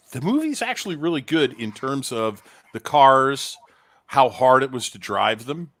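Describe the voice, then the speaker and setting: A man's voice: mid-range voice, sharp tone, no room sound. A man talking in a casual chat as a podcast co-host, telling stories in a rambling way with many restarts.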